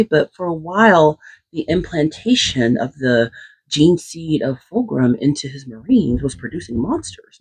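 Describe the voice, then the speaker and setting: A woman hosting her channel, retelling fantasy lore in a casual, animated and emphatic way, sometimes dropping into whispers. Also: deep voice, husky, poor audio. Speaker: channel host.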